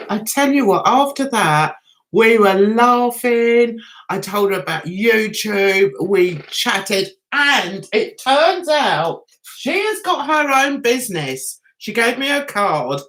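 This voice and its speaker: A woman's voice: on the high side, sing-song, slow pace, a bit bright, slight background noise. A middle-aged woman hosting a casual livestream, telling an anecdote with giggles and animation. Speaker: YouTube host.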